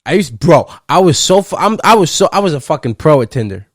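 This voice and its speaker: A young man hosting a solo podcast, rambling and cursing playfully, breaking into loud laughs. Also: fairly high pitch, very animated, fairly quick, no echo, studio quality. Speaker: podcast host. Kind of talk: casual solo podcast rant.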